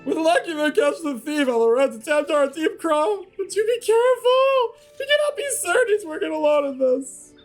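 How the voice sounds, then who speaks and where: A man voicing a frantic, fussy male chocobo breeder with a put-on French accent, high-strung and melodramatic. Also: lively intonation, moderate pace, few pauses, faint music behind. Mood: urgent.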